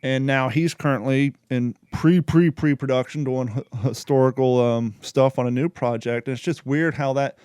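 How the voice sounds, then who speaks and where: A man's voice: mid-range voice, fairly even intonation, normal speed, hardly any pauses, a little mellow, smooth, no echo, studio quality. A man hosting a podcast, chatting casually and asking a guest questions. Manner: easygoing, laughs along. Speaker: podcast host. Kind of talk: casual interview chat.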